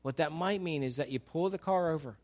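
An earnest male pastor delivers a sermon. His voice sits a little high, and he presses his listeners with repeated questions. He swells for emphasis, then falls quiet and gentle. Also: a little fast. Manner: earnest, pleading rhetorical questions, rising to emphasis and dropping soft.

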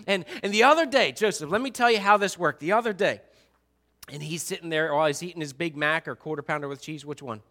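A man's voice: fairly high pitch, fast talker, bright, forceful tone. A male pastor giving a conversational sermon and telling stories animatedly to a congregation in a church.

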